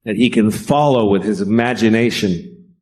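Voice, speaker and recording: A middle-aged man doing a stand-up comedy set on stage, deadpan and profane, acting out bits. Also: fairly low pitch, moderate pace. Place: stage before a live audience.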